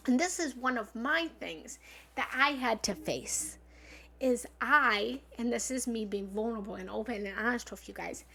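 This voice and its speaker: A woman giving a livestream self-help coaching talk as a spiritual love coach, blunt and emphatic, swinging from loud bursts to soft asides. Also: fairly high pitch, normal speed, gravelly. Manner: blunt, occasionally swears.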